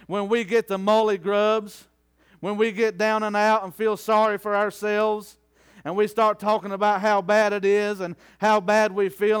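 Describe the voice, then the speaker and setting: A man preaching a sermon, asking for amens and building from conversational storytelling into fervent, drawn-out declamation. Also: high-pitched, flat delivery, clear, resonant tone. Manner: rhetorical call-and-response, rising into fervent slow declamation.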